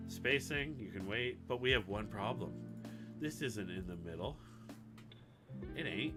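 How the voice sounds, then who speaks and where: A man's voice: lowish voice, animated, unhurried. A man chatting casually and rambling while he builds a website on a live stream, swearing now and then. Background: music playing.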